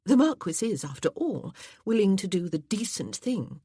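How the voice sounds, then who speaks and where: A woman voicing a gentle, coaxing young wife. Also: medium pitch, big pitch swings, normal speed, husky, dry recording, clean studio sound, voice pushed up.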